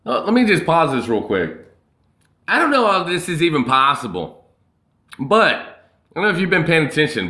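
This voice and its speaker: Mocking guy reacting to a clip, high bright voice, echoey room. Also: wildly swooping pitch, normal speed, long pauses. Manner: sarcastic, mocking. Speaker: reaction streamer. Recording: roomy echo.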